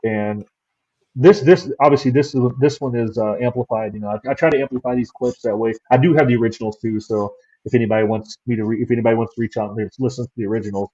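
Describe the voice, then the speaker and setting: Husky, mellow male storyteller. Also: mid-range voice, fast, dull audio. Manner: rambling storyteller. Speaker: paranormal investigator guest. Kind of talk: casual interview chat.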